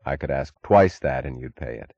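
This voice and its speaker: A man's voice: very deep voice, moderate pace, vocal fry, no room sound, highs cut off, pitched below the performer's own voice, heavily acted. A man voicing a cold, mocking steel magnate. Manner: even, dry, mocking.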